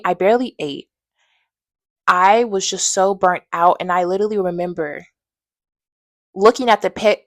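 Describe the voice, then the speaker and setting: A woman's voice: fairly low pitch, creaky, fairly bright tone, no echo. Candid young woman in a dry close-up vlog. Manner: candid, rambling, emotional, frequent fillers and restarts. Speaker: aesthetician and business owner. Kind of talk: personal storytime vlog.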